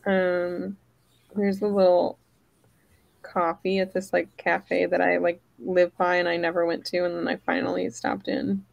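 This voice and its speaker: A woman co-hosting a casual chat, talking in a halting way full of "like" and "um". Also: lowish voice, completely flat delivery, vocal fry, no room sound, muffled recording. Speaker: co-host, photographer.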